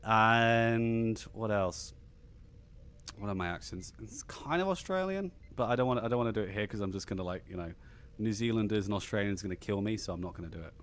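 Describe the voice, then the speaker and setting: This English podcast host's voice is on the low side and a little fast, with a slightly posh southern English accent. Hosting a casual live stream, he rambles in an animated way, frequently breaking off and restarting sentences.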